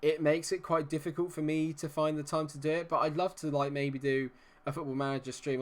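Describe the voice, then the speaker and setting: Chatty English streamer muttering to himself. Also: male voice, fairly high pitch, flat delivery, brisk. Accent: Dorset English. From England, Dorset. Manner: chatty, self-deprecating, mutters and hums to himself. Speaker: gaming streamer. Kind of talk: live game commentary.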